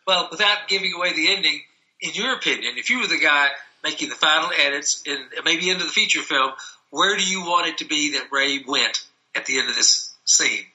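A man with a fairly high, sharp voice talks a little fast on a muffled recording. A filmmaker in a casual interview about the short film he wrote, he rambles with many fillers and restarts.

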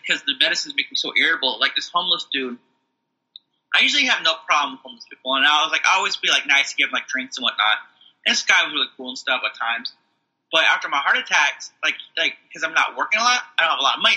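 A young man in a casual, profane, rambling rant, animated as he retells his run-ins. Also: fairly high pitch, rough recording. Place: Los Angeles.

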